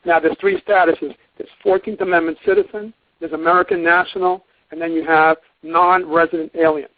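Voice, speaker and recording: Heard through a tinny, dry phone connection, this man has a fairly high-pitched voice. As a guest teacher on a call-in show, he lectures with emphasis, performing courtroom back-and-forths along the way.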